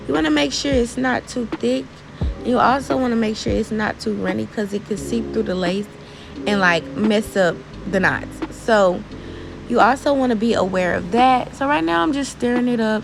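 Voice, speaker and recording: A woman's voice: a little high, vocal fry, background noise. A young woman chatting informally through a hair tutorial voice-over, using casual slang and talking straight to her viewers. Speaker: beauty vlogger.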